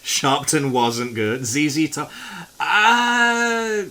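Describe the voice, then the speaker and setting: Lively, bright-voiced male streamer. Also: mid-range voice, moderate pace. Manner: animated, joking, swears freely. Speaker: variety streamer. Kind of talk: casual live-stream chat to viewers.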